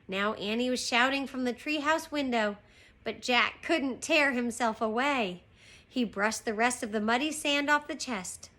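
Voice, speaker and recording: A woman teacher reading a chapter book aloud to her class, slow and expressive. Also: on the high side. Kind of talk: storybook read-aloud.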